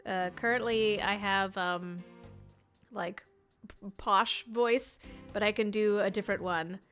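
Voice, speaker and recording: Bright, giggly woman streamer. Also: mid-range voice, steady tone, measured pace, clear, resonant tone, faint music behind. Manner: giggly, chatty, thanks donors. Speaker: streamer and host. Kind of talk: casual chat while playing.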